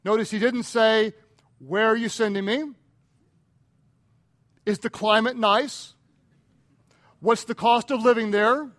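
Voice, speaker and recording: A man preaching a sermon as pastor, speaking emphatically and rising in volume on quoted prayers, then dropping low and confessional for personal stories. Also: fairly even intonation, slow pace, long pauses, fairly bright tone.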